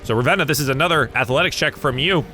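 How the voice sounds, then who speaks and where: A man from the US South running a tabletop game as game master, thinking aloud in a halting way. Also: fairly high pitch, bright, forceful tone, faint music behind.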